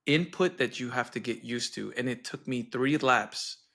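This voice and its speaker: A man hosting a casual podcast, enthusiastic and quick to laugh. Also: medium pitch, creaky, pushed and bright. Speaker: podcast host.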